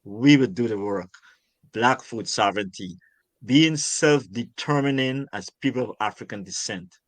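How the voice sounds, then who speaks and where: Older man from Guyana, interview guest; passionate, emphatic, repeats himself for stress; medium pitch, dry recording. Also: moderate pace, no echo. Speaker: urban farmer and guest. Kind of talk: conversational interview.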